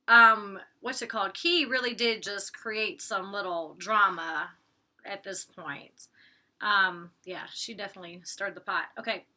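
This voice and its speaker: A woman's voice: mid-range voice, bright, forceful tone. A young woman recapping a reality show in casual, slangy chat, acting out what the cast said. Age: young adult. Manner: chatty, slangy, acts out quotes with laughs. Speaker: vlogger reviewing a reality show.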